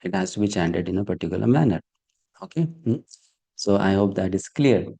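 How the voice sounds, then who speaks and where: A man's voice: deep voice, animated, a little fast, gravelly, mellow, slightly rough. A man teaching a Sanskrit verse class online over a video call, patiently checking that students follow with frequent questions. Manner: patient, checks understanding with frequent "hmm?" and "okay?".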